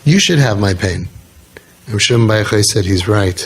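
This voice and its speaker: A man's voice: fairly low pitch, expressive, moderate pace, a bit bright. Earnest man telling stories to an audience. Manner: earnest, storytelling, with frequent restarts. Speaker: speaker addressing an audience of parents. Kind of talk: conversational talk to a live audience.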